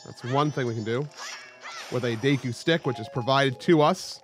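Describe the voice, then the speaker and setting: A man's voice: medium pitch, moderate pace, faint music behind. A young man casually commentating his gameplay, joking and yelping at sudden moments. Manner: excitable, joking, with sudden yelps. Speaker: let's play host.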